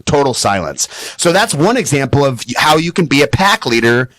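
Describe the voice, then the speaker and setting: A man talking as a dog trainer guest on a studio podcast, animated and explaining with acted-out examples. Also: moderate pace, no room sound. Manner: animated, acts out high excited voices when quoting owners. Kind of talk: podcast interview.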